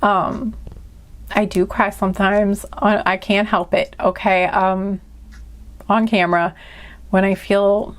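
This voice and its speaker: Woman, card reader, casual spiritual reading, earnest, gushing, rambling, many restarts, mid-pitched voice. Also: fairly even intonation, measured pace. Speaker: tarot and oracle card reader.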